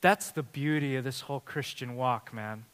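Bright-voiced preaching man in a reverberant hall. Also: mid-range voice, normal speed. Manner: animated preaching, swinging from loud emphasis to quiet intimacy. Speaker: pastor. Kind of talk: sermon.

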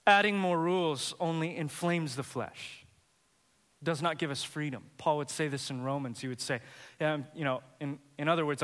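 High, bright-voiced preacher man in a hall. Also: moderate pace. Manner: emphatic, rising in intensity. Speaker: pastor. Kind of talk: sermon.

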